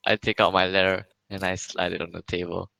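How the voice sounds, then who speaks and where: A man's voice: deep voice, flat delivery, brisk, vocal fry, pushed and bright, dry recording, rough recording. A man playing a tabletop game, speaking in character with a dry, understated manner. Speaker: player.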